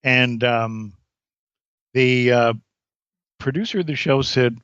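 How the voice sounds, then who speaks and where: A man guest on a podcast, telling anecdotes in an animated way and acting out the voices. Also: medium pitch, slow, pauses often, smooth, no room sound, highs cut off. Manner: animated storyteller, acts out voices. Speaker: comedian guest.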